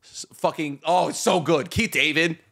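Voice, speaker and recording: A man's voice: on the high side, steady tone, moderate pace, gravelly, a bit bright. A young man co-hosting a casual podcast, rambling with lots of fillers and free swearing. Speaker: podcast co-host.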